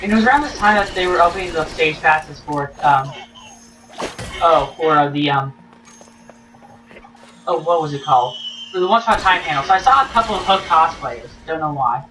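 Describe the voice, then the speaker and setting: A woman vlogger excitedly recapping an event in a rambling, casual way, full of fillers and acted-out quotes. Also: low-pitched, moderate pace, pauses often. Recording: roomy, distant, noisy.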